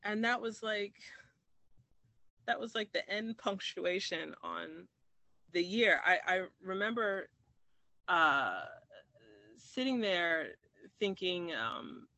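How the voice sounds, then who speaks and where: A man's voice: high-pitched, lively intonation, slow, gravelly, sharp tone, dry recording. A man from Maryland telling a personal story in an interview, reflective, with restarts and acted-out quoted dialogue. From Maryland, USA.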